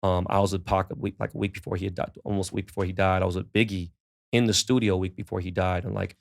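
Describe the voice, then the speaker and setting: Low, gravelly, and fast, this middle-aged man delivers his words flatly. As a podcast guest he shares relaxed, profane anecdotes, acting out the quoted conversations.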